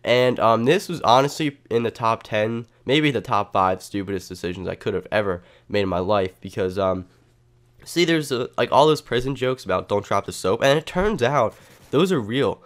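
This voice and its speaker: A man's voice: medium pitch, animated, moderate pace. A man telling an improvised comedy story in a rambling, profane way, full of filler words. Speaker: comedy vlogger.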